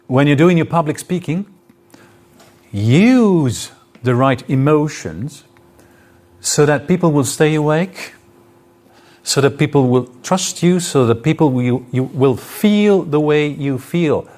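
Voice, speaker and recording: A man's voice: a little high, animated, slow, darkish tone. A man lecturing to an audience in a hall, explaining his points with spoken examples and shifts in intonation. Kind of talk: live lecture.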